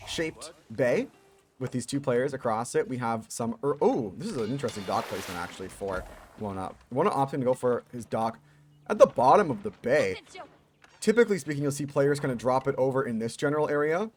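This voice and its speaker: A man giving casual, chatty commentary on a strategy video game as its caster, with joking asides and lively emphasis. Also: medium pitch.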